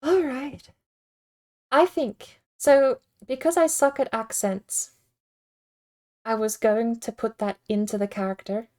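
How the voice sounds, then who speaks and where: A woman's voice: fairly high pitch, steady tone, slow, long pauses, darkish tone. A woman streaming a game, talking casually and thinking aloud in a rambling, self-deprecating way. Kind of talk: casual livestream commentary.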